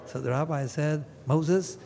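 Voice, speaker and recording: Older man, animated joke teller, live crowd laughing behind. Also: medium pitch, normal speed, vocal fry. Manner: animated storyteller, acts out voices and sound effects. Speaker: comedian at a wedding. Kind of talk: stand-up jokes for a live audience. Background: audience laughing.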